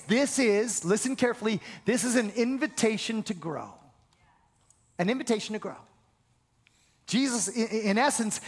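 A man preaches in a strikingly high voice, pressing his points with repetition and questions to his listeners. His words ring out with a long hall reverb behind them. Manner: emphatic, repeats phrases, asks the congregation questions, occasional shouts. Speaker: pastor. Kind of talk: sermon.

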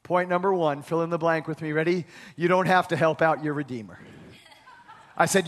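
A man's voice: on the high side, normal speed, long reverb tail. A male pastor preaching a sermon in a conversational way, with acted-out asides, in a church sanctuary.

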